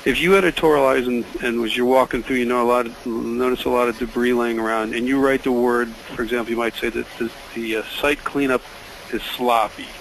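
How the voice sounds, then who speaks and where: Male panelist with gravelly fry, emphatic, stumbling restarts, mid-range pitch. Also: fairly even intonation, brisk, hardly any pauses, a little hiss or hum, poor audio. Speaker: webinar panelist. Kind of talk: spoken comment in a webinar.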